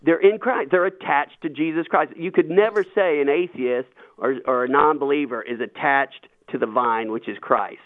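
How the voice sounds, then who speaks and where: A man with a fairly high voice hosts a radio talk show, breaking down scripture with animated emphasis. The sound is tinny and phone-like, and the room is dry. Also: moderate pace, hardly any pauses, no echo. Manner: animated, emphatic Bible teaching. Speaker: radio host. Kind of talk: Catholic radio talk, Bible discussion.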